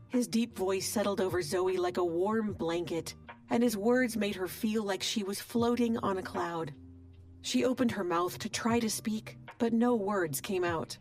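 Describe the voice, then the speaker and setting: A woman's voice: mid-range voice, measured pace. Woman narrating an audiobook, music behind. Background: soft background music.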